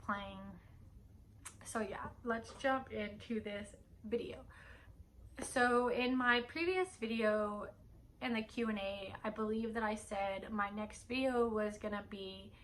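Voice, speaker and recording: A young woman talks straight to her camera at home late at night, her voice bright and a little higher than most. She rambles in a loose, chatty way, full of fillers. A faint hiss of noise runs underneath. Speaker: vlogger. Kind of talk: casual vlog update. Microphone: camera on a stand.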